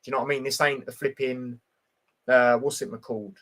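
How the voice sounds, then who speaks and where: A man's voice: mid-range voice, flat delivery, fairly quick, a bit bright. A man hosting a casual football prediction live stream, talking bluntly and reading out chat, with lots of fillers. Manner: chatty and blunt, full of fillers, answering chat directly.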